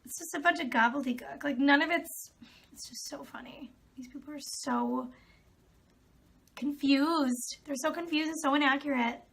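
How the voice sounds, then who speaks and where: This young woman's vlog features a high, somewhat bright voice at a moderate pace as she reads through comments. She responds with sarcasm and exasperation, frequently breaking into laughter.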